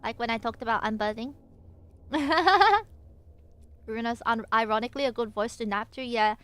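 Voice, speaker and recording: Young female streamer, slightly high voice, giggly and playful, reads aloud and chats with viewers. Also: moderate pace, fairly bright tone, smooth. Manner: playful, giggly, jokey asides; chats with viewers between passages. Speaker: VTuber streamer. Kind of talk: casual stream chat and reading aloud.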